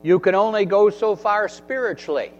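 A preacher putting on a sneering devil. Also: male voice, sits high, moderate pace, faint music behind, pitched above the performer's own voice, natural voice. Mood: mocking. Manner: repetitive mocking accusations. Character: taunting male devil, accusing and scornful. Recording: dull recording with faint mains hum.

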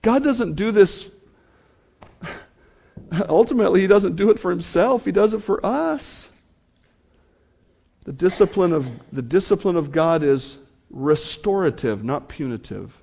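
A man's voice: sits high, animated, unhurried, vocal fry, long pauses, a little mellow. A man preaching a sermon to his congregation, speaking earnestly and addressing them directly. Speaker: pastor.

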